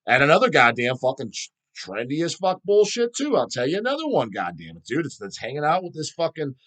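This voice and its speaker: A man's voice: a little high, huge pitch swings, brisk, fairly bright tone. A middle-aged man hosting a solo vlog, ranting heatedly and profanely. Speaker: channel host.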